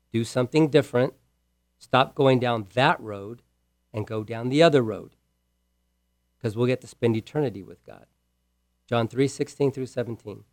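A man preaching a sermon with emphasis, repeating key words and moving between loud and hushed delivery. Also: medium pitch, no room sound, studio quality. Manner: asks the listeners direct questions.

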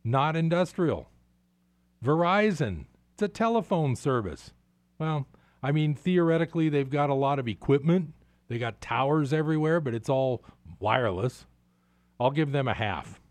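A man's voice: a little high, expressive, normal speed, no room sound. A man hosting a show, delivering sarcastic, exasperated commentary on the markets. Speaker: radio show host.

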